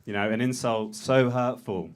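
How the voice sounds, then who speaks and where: A man's voice: mid-range voice, normal speed, heavy background noise. Self-deprecating male stand-up. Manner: self-deprecating, hesitant with fillers, deadpan. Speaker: stand-up comedian. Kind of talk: stand-up set. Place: comedy club stage.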